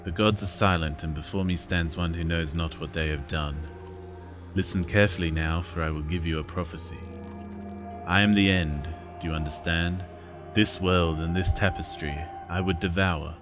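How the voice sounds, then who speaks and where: A man's voice: low voice, steady tone, normal speed, close to an everyday voice. A man voicing a monumental ancient serpent, reading game dialogue in a grandiose, ominous put-on voice. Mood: menacing. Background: game music.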